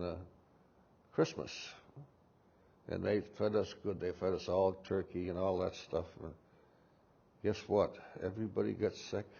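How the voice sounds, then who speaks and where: An old man in his eighties speaks with a Massachusetts accent in a deep, mellow, gravelly voice. He reminisces in a halting, rambling way, full of uh's and restarts. The recording is dull and lo-fi. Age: 80s. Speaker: war veteran interviewee. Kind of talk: recalling memories in an interview.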